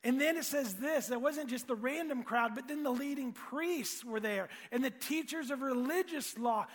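A middle-aged man preaching a sermon, telling stories that swing from hushed, quiet passages to loud shouting. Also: very high-pitched, normal speed, long reverb tail. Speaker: pastor.

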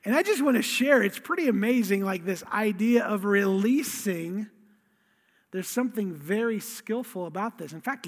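A man preaching a sermon as a pastor, in a lively, conversational, storytelling way. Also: high voice. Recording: long reverb of a large hall.

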